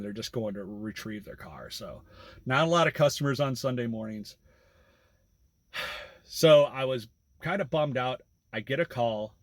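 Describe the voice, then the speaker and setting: A man with a slightly husky voice of middle pitch tells a story in a relaxed, chatty way and laughs now and then. He sounds close and dry, as if he is sitting in his car beside a road. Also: no echo. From US Midwest. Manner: chatty, laughs while telling stories. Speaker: rideshare driver. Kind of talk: casual storytelling vlog.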